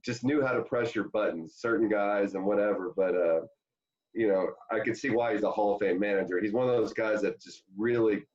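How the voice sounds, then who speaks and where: Lowish and darkish in tone, this former pro baseball player's voice moves fairly quickly as he spins filler-heavy, rambling stories. It's a casual interview where he's the guest, and the audio is dull and lo-fi.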